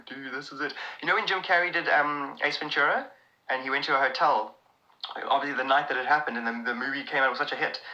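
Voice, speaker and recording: A South African man with a piercingly bright, sharp voice, chatting on a live stream and answering viewers one after another. He rambles excitably and restarts his sentences often. The sound is dull and lo-fi. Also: medium pitch. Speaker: comedian. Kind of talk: casual live-stream chat answering comments.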